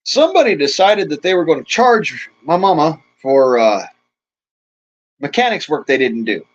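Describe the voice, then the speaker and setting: A man's voice: a little high, very animated, moderate pace. Man ranting crudely on a lo-fi stream. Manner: crude, rambling, chuckles often. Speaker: livestream host. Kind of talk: casual ranting to live chat.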